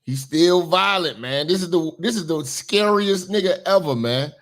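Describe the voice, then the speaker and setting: A male commentary host reacts in loose, slangy talk. His voice sits a little high for a man and pushes harder and higher when he gets heated. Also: lively intonation, normal speed. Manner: slangy and emphatic, climbing higher when worked up.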